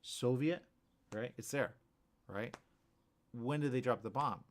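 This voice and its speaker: A man hosting a radio morning show, talking casually in a rambling, animated way full of restarts and asides. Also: mid-range voice, takes it slowly. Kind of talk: casual talk show monologue.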